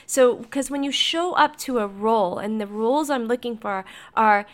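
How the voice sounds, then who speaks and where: Motivational podcast host, woman, a touch high-pitched, earnest and reflective storyteller. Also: moderate pace.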